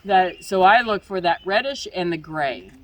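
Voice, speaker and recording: A woman's voice: fairly low pitch, animated, moderate pace, a bit bright, rough recording. A woman showing a group how to identify a banded bird, asking questions and restarting her sentences. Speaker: bird bander leading a demo. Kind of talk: teaching a small group outdoors.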